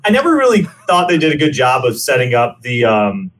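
A man's voice: mid-range voice, wildly swooping pitch, a little fast, fairly bright tone. A man co-hosting a casual movie podcast, rambling with fillers and laughing often. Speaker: podcast co-host.

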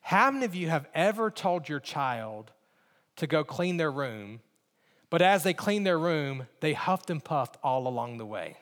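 A man with a notably high voice preaches to his congregation, leaning on repetition and earnest emphasis. His words ring out with the long reverb of a large church hall. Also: big pitch swings, a little slow, a bit bright. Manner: earnest, repetitive emphasis, mimics others in asides. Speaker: pastor. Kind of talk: sermon.

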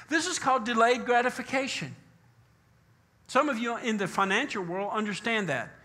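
A man pastor preaching a sermon emphatically, asking rhetorical questions and slowing down to read scripture. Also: high-pitched, big pitch swings, pushed and bright.

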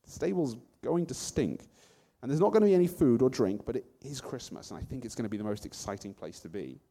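A man's voice: mid-range voice, lively intonation, fast, warm tone. A man doing a chatty earnest angel. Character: friendly, chatty male angel guide.

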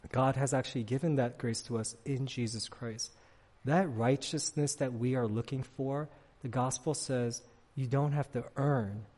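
A man's voice: medium pitch, big-room sound. Conversational man preaching a sermon. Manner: conversational, animated storytelling with frequent "right?" asides. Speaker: pastor. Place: church sanctuary.

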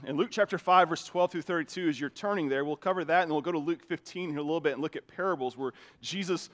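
A pastor delivering a sermon with a notably high voice for a man. He talks to his congregation conversationally, doubling up words as he starts his thoughts. His volume swings widely, from hushed asides to loud, emphatic points. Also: quick pace. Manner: conversational preaching, often repeats words when starting a phrase; loudness swings widely, from soft asides to emphatic raised lines.

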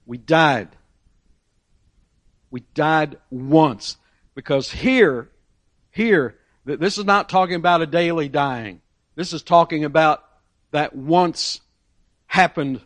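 A man's voice: a little high, fairly bright tone, no room sound. A man preaching a sermon, asking rhetorical questions and repeating key phrases for emphasis.

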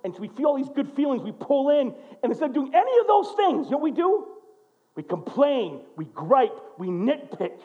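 A man preaching a sermon as a pastor, telling stories and acting out quotes in an animated way. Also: extremely high pitch, brisk, highs cut off. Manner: animated, storytelling with acted-out quotes.

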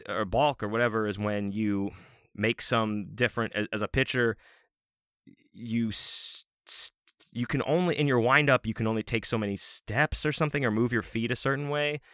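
Male host, casual profane storyteller, forceful tone, dry close sound. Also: fairly low pitch, no echo. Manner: rambling, profane, self-mocking. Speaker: podcast host.

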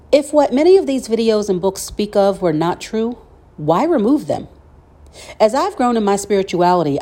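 A woman hosting her own podcast and talking straight to her listeners. Her voice is mellow and relaxed, at a middle pitch. She speaks in a conversational way and drops in wry, sarcastic asides. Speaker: podcast host. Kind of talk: solo podcast monologue.

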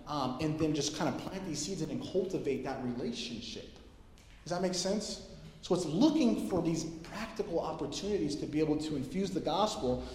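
Animated male preacher, echoey hall. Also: fairly high pitch, slight background noise. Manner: casual, animated storytelling with quoted voices. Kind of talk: sermon with storytelling. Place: church hall. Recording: echoey hall, heard from a distance.

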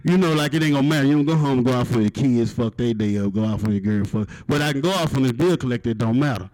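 A man's voice: medium pitch, very fast, no echo, poor audio. Profane man doing stand-up. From Mississippi, USA. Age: 30s. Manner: profane, punchy delivery with loud outbursts. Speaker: stand-up comedian. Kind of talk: stand-up comedy set. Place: open mic stage in a live venue.

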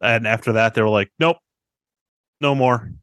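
A man's voice: medium pitch, steady tone, moderate pace, a bit bright, no echo, studio quality. A man co-hosting a podcast, chatting casually with blunt, crude remarks. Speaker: podcast co-host.

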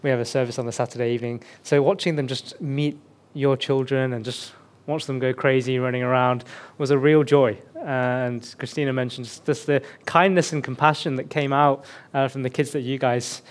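A man's voice: medium pitch, steady tone, normal speed. A man from England with a lightly suppressed Birmingham accent, giving a chatty, self-deprecating sermon as a guest pastor on a headset mic. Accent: Birmingham, mostly suppressed. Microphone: headset mic slipping off.

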